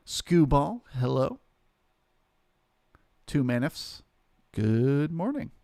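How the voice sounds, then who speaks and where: A man with a mid-range, slightly gravelly voice talks through price levels in an unhurried, conversational way, greeting viewers by name as he goes. The sound is dry and close, with no room echo. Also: mid-range voice, very animated, a little mellow. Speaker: trading stream host. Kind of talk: live market commentary.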